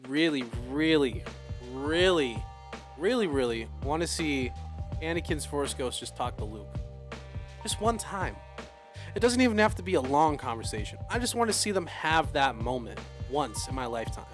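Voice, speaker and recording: A young man co-hosting a casual podcast, excitedly retelling a show scene with sound effects and swearing. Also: on the high side. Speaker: podcast co-host. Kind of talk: casual chat.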